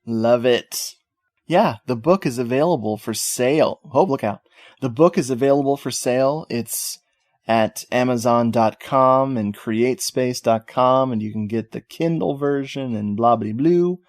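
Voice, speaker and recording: A man's voice: medium pitch, a little slow, dry recording, studio quality. Laid-back, joking male podcast host. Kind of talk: casual chat.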